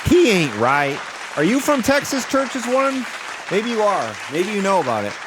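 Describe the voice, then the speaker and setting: A man's voice: high voice, sing-song, moderate pace, crowd noise, background noise. A man streaming live, ranting casually in a rambling, profane way full of "like". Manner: rambling, profane, heavy use of "like". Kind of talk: casual livestream rant.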